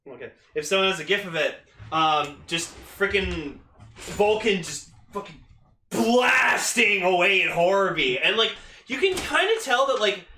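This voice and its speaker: A man co-hosting a podcast in casual chat, excitable and rambling with lots of fillers and swearing. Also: high voice, moderate pace, roomy sound, a little hiss or hum. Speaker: podcast co-host.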